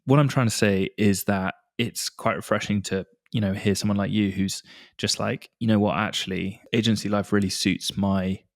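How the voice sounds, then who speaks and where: A man hosts a casual podcast interview, asking long, rambling questions full of fillers. His voice sits fairly low, and the recording is dry and close, with no room echo. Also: steady tone, moderate pace. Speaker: podcast host.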